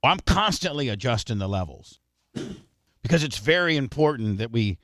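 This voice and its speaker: A man's voice: mid-range voice, sing-song, fairly bright tone, dry recording. A male radio host in a studio, talking casually and fussily on air about his microphone, stopping and restarting often. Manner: fussy, restless, halting with many restarts. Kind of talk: casual on-air chat about mic levels.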